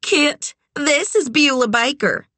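A woman voicing a brash, bubbly young woman who talks loud, high and gushing. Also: lively intonation, slow pace, dry recording, exaggerated voice.

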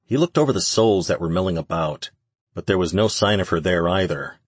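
Low husky male audiobook narrator. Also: brisk, dry recording. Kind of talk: scripted narration.

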